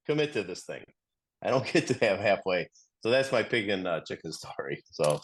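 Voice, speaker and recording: An earnest middle-aged man with a lively, swinging pitch. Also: fairly quick. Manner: earnest, repeats and restarts, lively storytelling. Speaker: recovery group speaker. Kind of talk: personal sharing in a study group.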